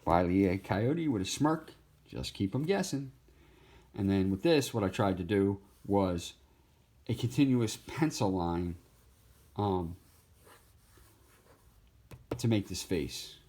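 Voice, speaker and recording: A man's voice: sits low, expressive, takes it slowly, long pauses, darkish tone, a little hiss or hum. A man casually walking through his sketchbook, easygoing and laughing at his own jokes. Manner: easygoing, laughs, jumps into goofy voices. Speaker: artist showing his sketchbook.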